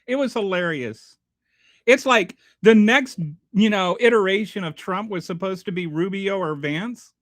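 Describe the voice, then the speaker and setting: A man's voice: high voice, unhurried, fairly bright tone, no room sound, studio quality. A male host giving sarcastic, rambling political commentary on a livestream and reading chat. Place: home near a small Texas town.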